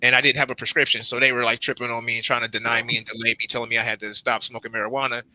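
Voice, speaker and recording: A young man telling his own hospital story on a panel, lively and acting out his reactions in quoted lines. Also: medium pitch, racing, no room sound, low-quality recording. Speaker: transplant patient on a panel. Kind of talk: animated personal storytelling.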